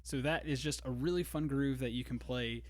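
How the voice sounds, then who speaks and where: A man teaching a drum lesson in a relaxed way, explaining grooves step by step. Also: medium pitch, moderate pace, over loud music. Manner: counts beats aloud, easygoing explaining. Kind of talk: casual instructional talk. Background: drum kit and metronome.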